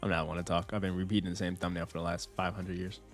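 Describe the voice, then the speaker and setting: A man's voice: low-pitched, fast talker, faint music behind. A young man hosting a finance livestream, chatting casually with his viewers and laughing often. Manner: animated, chatty, talks to chat, laughs often.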